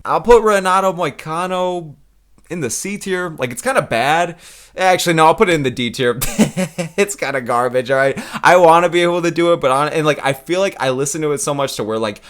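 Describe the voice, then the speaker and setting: A young man chatting casually on his own channel, swearing freely and laughing often. His pitch swings around in a lively way. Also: fairly quick, clear, resonant tone. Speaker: YouTube host. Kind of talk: casual profane chat.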